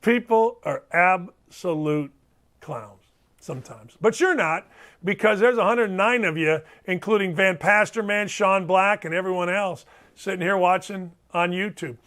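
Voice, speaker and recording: A middle-aged man with a fairly high speaking voice hosts a sports talk show. He talks bluntly and emphatically and hammers his points home by repeating them. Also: moderate pace, pushed and bright.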